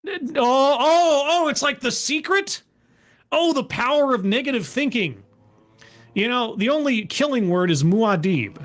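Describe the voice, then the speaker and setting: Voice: sits high, expressive, measured pace. A commentary host reacting to a talk clip with sarcastic, mock-earnest remarks and stammered repeats, streaming from home.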